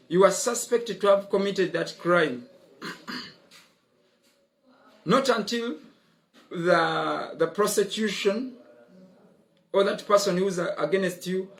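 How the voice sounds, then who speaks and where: A man explains legal ideas in an online lesson. He is emphatic, repeating key words and filling gaps with "uh-huh" and "mm-hmm." He sounds young. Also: high-pitched. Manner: emphatic, drilling points home. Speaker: law teacher.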